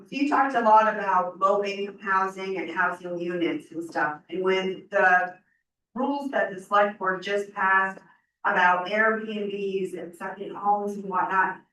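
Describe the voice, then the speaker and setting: Bright-voiced woman, far off in an echoey hall. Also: medium pitch. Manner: pressing, informal questioning. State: slightly lost voice. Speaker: resident asking a question. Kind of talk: audience question at a town meeting. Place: town meeting hall. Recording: distant voice in a very echoey hall, faint room noise.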